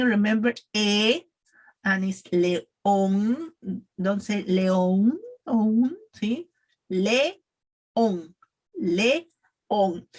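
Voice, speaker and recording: A woman whose first language is Spanish guides beginners through a lesson at an unhurried, deliberate pace. She models each phrase carefully and repeats it for learners to copy. Her voice sits at a middle pitch. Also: poor audio. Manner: patient, repeats and models phrases slowly, switches between English and Spanish. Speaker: Spanish teacher.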